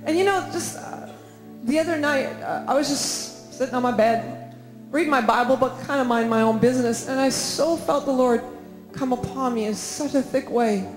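Fervent high-voiced woman preaching in a hall. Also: normal speed. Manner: fervent, emphatic prayer with repeated phrases. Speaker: conference speaker. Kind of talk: sermon with prayer. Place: large conference hall. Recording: echoey hall with faint music.

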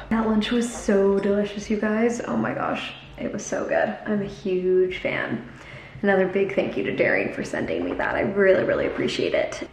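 A woman's voice: mid-range voice, creaky, darkish tone. A young woman talking casually to her vlog viewers from her home office. She is chatty, fills her talk with "like" and "um", and says she is tired. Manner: chatty, lots of "like" and "um". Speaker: vlogger.

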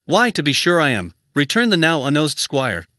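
A male audiobook narrator with a slightly raised, bright and forceful voice. He reads in an even, measured way and barely changes his voice for the characters. The sound is dry and close, with no room around it. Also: fairly high pitch, no echo. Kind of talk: scripted narration.

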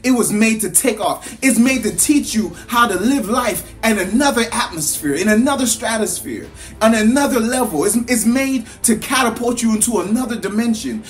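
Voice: medium pitch, expressive, moderate pace, few pauses, soft background music. A parent giving an earnest motivational talk, repeating phrases with a preaching cadence and telling a story to make a point. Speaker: motivational speaker.

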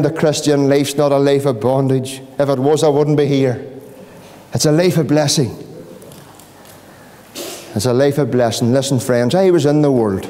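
A middle-aged man with a Northern Irish accent preaching an evangelistic sermon, pleading and impassioned, dropping to hushed questions. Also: mid-range voice. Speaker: pastor. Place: church hall. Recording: long hall reverb.

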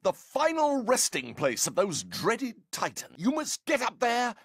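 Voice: mid-range voice, wildly swooping pitch, a little slow, husky, no echo, studio quality, full character voice. An actor doing a manic, swooping young inventor. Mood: grandiose. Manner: theatrical, pompous, wildly swooping delivery. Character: eccentric young male inventor, grandiose and manic. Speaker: game character. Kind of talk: video game voice acting.

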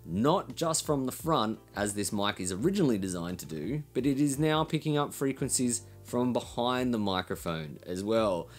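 A man's voice: mid-range voice, expressive, moderate pace, few pauses, faint music behind. An Australian man with a nasal voice, explaining recording gear in a blunt, casual way and swearing now and then. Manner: blunt, swears casually, laughs between points. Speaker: recording studio educator.

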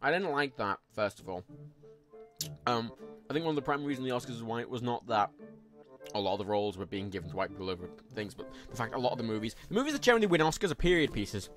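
A man's voice: medium pitch, animated, quick pace, a bit bright, soft background music. A man streaming live gameplay, rambling frankly and swearing as he reads chat and plays. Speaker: livestreamer.

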